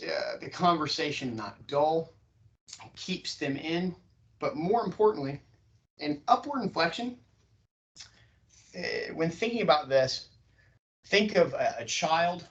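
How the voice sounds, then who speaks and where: A man teaching a sales class, stretching his pitch high and low to show how inflection works. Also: distant mic, highs cut off. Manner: animated, swings pitch up and down for demonstration. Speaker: sales trainer. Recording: voice from across a room.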